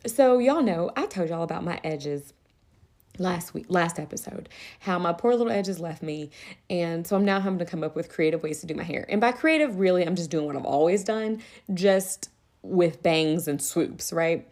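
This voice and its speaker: A woman in her thirties, a podcast host and teacher, telling stories in a casual chat, animated and often laughing. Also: normal speed. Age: 30s. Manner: animated, laughs often, raises pitch to quote kids.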